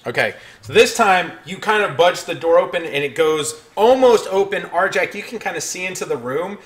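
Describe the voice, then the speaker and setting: A man's voice: high-pitched, lively intonation, normal speed, fairly bright tone. A man narrating as dungeon master of a tabletop game, rambling and restarting as he describes the scene.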